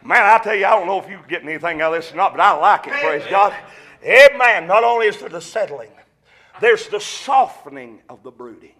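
A man with a Southern US accent preaching a fervent sermon, mixing folksy stories with shouted exclamations. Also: high-pitched, lively intonation, a little fast. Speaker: pastor.

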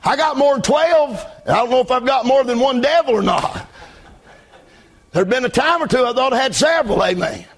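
A man pastor preaching a revival sermon from the pulpit, shouting in a chanting preaching cadence. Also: very high voice, fairly quick. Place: church pulpit.

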